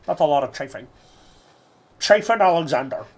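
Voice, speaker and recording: A young man giving rambling, absurd deadpan commentary while playing a video game. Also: a little high, normal speed. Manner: rambling deadpan non-sequitur jokes. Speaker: gaming streamer. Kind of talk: absurd comedic gameplay commentary.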